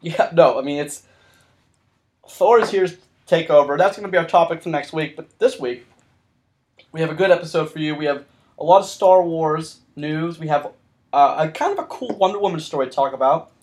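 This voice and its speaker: A man's voice: fairly high pitch, animated, a little fast, darkish tone. A man hosting a podcast in casual chat, telling long rambling stories with frequent restarts. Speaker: podcast host.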